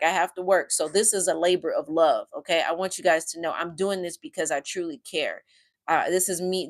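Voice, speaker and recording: A woman's voice: lowish voice, fairly bright tone. A woman from the Midwest of the United States hosting a casual livestream, talking earnestly and emotionally while reading out viewer comments. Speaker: livestream host.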